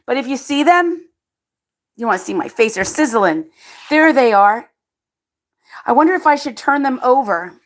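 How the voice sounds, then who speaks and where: A woman hosting her own cooking vlog, chatting casually with viewers, excitable and always exclaiming and laughing. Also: sits high, normal speed, long pauses. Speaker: cooking vlogger and channel host.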